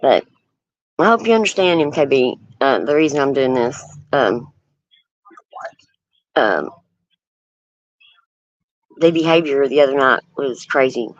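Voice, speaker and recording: A livestream host in casual talk, speaking earnestly and firmly about setting boundaries, halting often with ums and restarts. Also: mid-range voice, lively intonation, no room sound. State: nervous. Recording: dull lo-fi stream audio.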